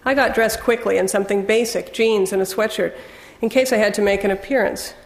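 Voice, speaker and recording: Brief: wry, measured first-person audiobook narrator, woman, mid pitch. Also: steady tone, in a large hall.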